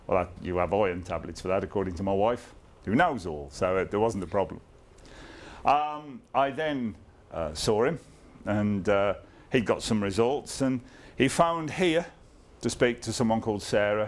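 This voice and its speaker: Wry man in his fifties. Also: medium pitch. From England. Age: 50s. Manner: wry self-deprecating humour, chuckling through. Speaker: guest speaker. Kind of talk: informal public talk.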